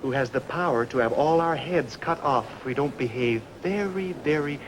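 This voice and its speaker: An actor playing a meek, humble tailor slave, coaxing and soothing in 1950s film style. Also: male voice, medium pitch, normal speed, close to an everyday voice. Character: meek gentle tailor slave, middle-aged man, fond of animals. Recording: old film soundtrack with noise.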